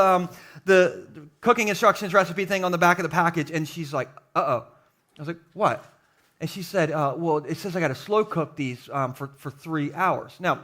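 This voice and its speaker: A middle-aged man, a pastor, preaching a jokey, animated sermon to a live congregation in a church. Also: high-pitched. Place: church sanctuary with live audience.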